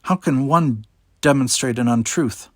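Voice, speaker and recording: A man voices a haughty, suspicious alien queen in studio-quality audio with no room sound. His delivery is mid-range and measured, pitched above his own voice yet still natural-sounding.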